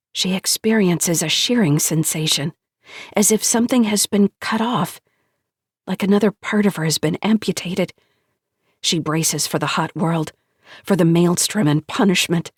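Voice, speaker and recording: Female audiobook narrator, unhurried, husky-soft voice, bone-dry close mic, slightly low. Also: dry recording. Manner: measured, hushed storytelling.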